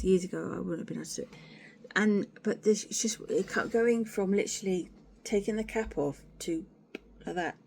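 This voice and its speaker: A woman, chatting candidly to camera in a rambling, sweary, self-deprecating way. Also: mid-range voice. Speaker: vlogger. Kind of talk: candid casual chat to camera.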